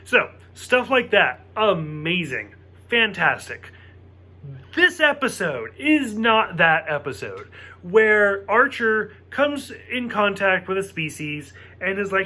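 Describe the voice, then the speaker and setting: A man with a high, bright and forceful voice reviews a TV episode straight to camera. He talks casually and gets emphatic and worked up, swearing freely as he goes. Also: very animated, takes it slowly.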